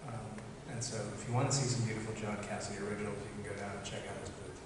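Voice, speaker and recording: A man speaks on a convention panel with a flat, lowish voice and a steady, plain delivery. He sounds far from the mic in a large hall with a long echo and a steady background noise. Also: very fast. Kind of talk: casual panel remarks. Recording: echoey hall, heard from far off.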